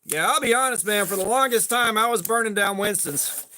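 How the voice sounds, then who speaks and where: A man with a very high, bright, forceful voice hosts a relaxed livestream, chatting with his viewers by name. He jokes loosely between tests, and a faint hiss sits under his voice. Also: fairly quick. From USA. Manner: laid-back, greets chat viewers by name, joking. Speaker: knife testing livestream host. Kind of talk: casual livestream chat.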